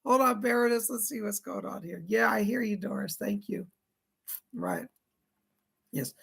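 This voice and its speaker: A man hosting a live psychic reading stream. He sounds hoarse as he chattily relays spirit messages and thanks viewers by name. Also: high voice, animated, unhurried, a bit bright. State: dry throat, hoarse.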